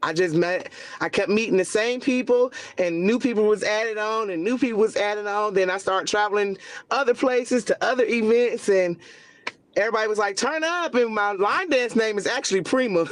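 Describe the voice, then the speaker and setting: A woman's voice: normal speed, no echo. A woman in her forties from Cleveland, a line dancer guest telling stories and acting out quotes in casual chat. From Cleveland, USA. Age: 40s. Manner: storytelling, acts out quotes with pitch jumps.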